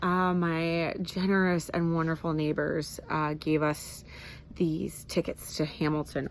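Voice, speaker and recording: Low-voiced woman vlogging candidly. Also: level tone, a little slow, slight background noise. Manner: candid, rambling with fillers and restarts. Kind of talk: casual personal vlog.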